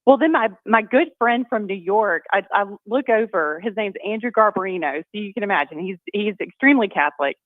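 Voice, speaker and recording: A woman's voice: medium pitch, expressive, a little fast, few pauses, no echo. Woman, radio guest, upbeat storyteller, tinny phone line, dry sound. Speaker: congresswoman guest.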